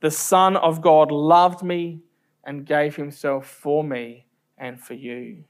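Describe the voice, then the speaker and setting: A man preaching a sermon, telling stories earnestly with slow, emphatic phrasing. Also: a little high, fairly even intonation.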